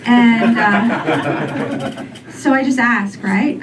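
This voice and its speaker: A woman's voice: a little high, extremely slow, creaky, over music. Rambling woman comic in her forties. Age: 40s. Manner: rambling, filler-heavy, deadpan. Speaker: stand-up comedian. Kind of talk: stand-up comedy set. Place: comedy club stage. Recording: distant mic with faint room noise.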